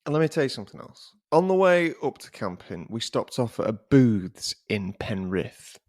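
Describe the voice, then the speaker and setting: Animated man telling a story. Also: mid-range voice, moderate pace, dry recording, studio quality. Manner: animated storyteller, swears casually, acts out people's voices. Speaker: podcast co-host. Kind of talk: casual chat, telling a story.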